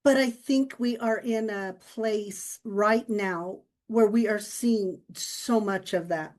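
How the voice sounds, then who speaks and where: A woman's voice: mid-range voice, slow pace, a little mellow. A woman co-hosts a casual podcast and talks through her own experiences in a reflective way. She tells stories with frequent light laughter and keeps an easy conversational tone. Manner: storytelling, laughs often, reflective. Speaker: podcast co-host.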